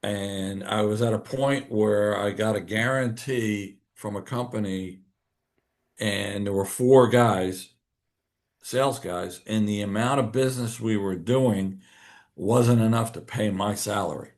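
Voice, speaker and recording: A man's voice: fairly low pitch, measured pace. A man, a podcast guest telling a story and acting out the dialogue in it. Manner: animated, acts out quoted dialogue. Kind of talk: casual storytelling.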